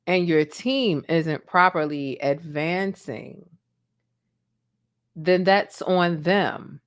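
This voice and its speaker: A woman's voice: low voice, smooth. A woman from Baltimore hosting a casual live-stream commentary, sassy and goofy, sleepy from being up before dawn.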